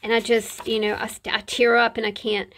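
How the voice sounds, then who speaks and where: A woman's voice: a little high, level tone, fairly quick, a bit bright. A middle-aged woman casually showing her handmade journals in a chatty vlog, rambling a little with fillers. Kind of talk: casual show-and-tell vlog.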